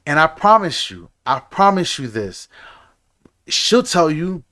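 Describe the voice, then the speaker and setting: A man's voice: a little high, big pitch swings, takes it slowly, sharp tone. A man chatting casually and telling stories, repeating phrases for emphasis and mimicking other people's voices in quoted lines. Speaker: podcast guest. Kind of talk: casual chat, storytelling.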